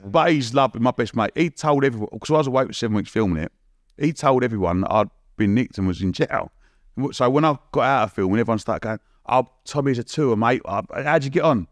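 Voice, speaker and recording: A man's voice: medium pitch, animated, fast talker, no room sound, clean studio sound. A young man, a podcast guest telling stories in a chatty way, full of slang, banter and laughter. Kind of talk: casual storytelling.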